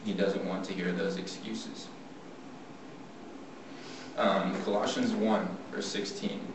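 A man giving a devotional Bible talk, plain and earnest, slowing down when he reads scripture. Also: low-pitched, flat delivery. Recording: echoey room from far off, faint noise.

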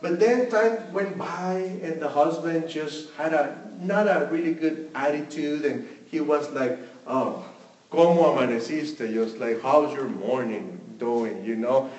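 Slow pastor in an echoey room. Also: male voice, a little high, a little mellow, recorded from a distance, highs cut off. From Mexico. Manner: slow, measured preaching with many "you know" fillers. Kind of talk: sermon.

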